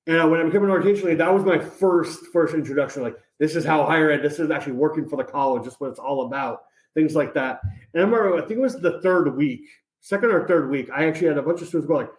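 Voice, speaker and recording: A man chatting as a podcast guest, telling stories in an energetic, upbeat way with lots of fillers. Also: a little high, quick pace, few pauses. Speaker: podcast guest, college advisor. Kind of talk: casual interview chat. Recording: roomy echoey sound.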